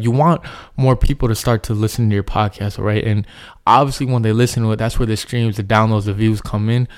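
A man's voice: lowish voice, darkish tone, smooth. A young man hosting his own podcast, talking earnestly and reflectively in a loose, rambling monologue full of fillers. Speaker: podcast host.

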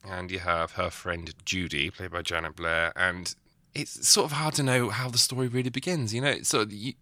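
A man's voice: sits low, steady tone, moderate pace, pushed and bright, dry recording. A man on a video call as a podcast guest, blunt and rambling, laughing as he talks about a film. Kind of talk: casual chat over a video call.

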